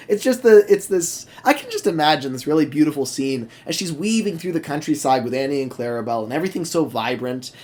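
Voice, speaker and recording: A man's voice: a little high, expressive, fast talker, hardly any pauses, a little mellow. A man co-hosting a casual podcast, telling a story animatedly with many fillers. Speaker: podcast co-host.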